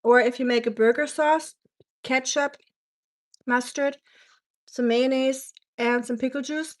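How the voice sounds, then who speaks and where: Chatty German-accented woman, slightly high voice. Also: fairly even intonation, measured pace. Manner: chatty, reads viewer comments aloud and answers them. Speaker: live-stream cooking host. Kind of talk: casual live-stream chat while cooking.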